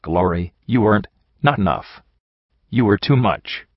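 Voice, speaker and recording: Remorseful unicorn mare voiced by a man, soft, low voice, dry muffled recording. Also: expressive, measured pace, dry recording. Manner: soft, subdued, confessional. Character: guilt-ridden female unicorn pony, weary and remorseful.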